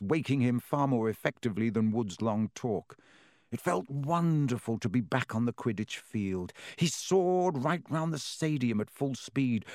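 Brief: male audiobook narrator, mid pitch, very dry booth sound. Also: dry recording. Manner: steady, even storytelling.

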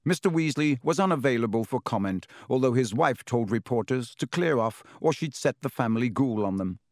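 A man narrating an audiobook in a measured, steady storytelling manner. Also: medium pitch, no echo, studio quality.

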